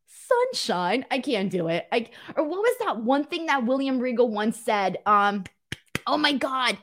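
This woman's voice sits high with a fairly bright tone. A Californian with a Valley girl accent, she runs a wrestling show and makes fun of herself in a casual livestream chat with her audience.

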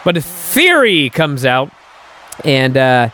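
A man's voice: medium pitch, takes it slowly, slight background noise. A male podcast host giving a casual, incredulous recap, filled with "uh" and "and so". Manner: animated, incredulous storytelling with many fillers.

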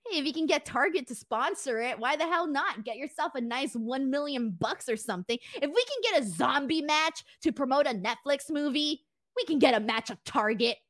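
A woman hosts a casual live recap of a wrestling show, reading viewer comments aloud. Her voice sits a little on the high side, and she talks in a rambling, conversational way, tossing in quick asides and casual swearing. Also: expressive, a bit bright.

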